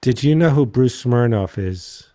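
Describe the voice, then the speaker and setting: Brief: deadpan male comic, animated pitch swings, dry close sound. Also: unhurried, dry recording. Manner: deadpan, exasperated storytelling. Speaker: comedian, show host. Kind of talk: casual chat and anecdotes.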